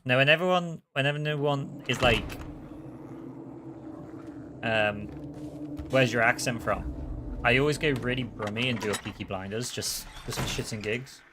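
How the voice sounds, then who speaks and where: A man's voice: mid-range voice, normal speed, pauses often, background noise. A man giving casual commentary while playing a video game, chatting and swearing freely between puzzles. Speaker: game streamer.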